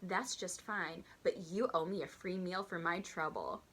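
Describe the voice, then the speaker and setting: A snobbish older lady customer speaks curtly and coldly, as a woman puts her on. She is entitled and dismissive, and her voice sits a little low, slightly hushed. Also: a little slow, breathy edge.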